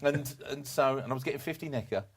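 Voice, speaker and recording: A man in his fifties telling stories on a podcast, animated, with many restarts and bursts of laughter. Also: medium pitch, quick pace, a crowd in the background. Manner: animated anecdote-telling, jumps into comic voices for quoted people. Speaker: podcast guest, former performance poet. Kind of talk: casual storytelling chat.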